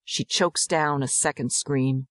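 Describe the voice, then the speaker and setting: A woman narrating a dramatized audiobook in a measured, descriptive way. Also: low-pitched, fairly even intonation, a bit bright, no room sound, studio quality.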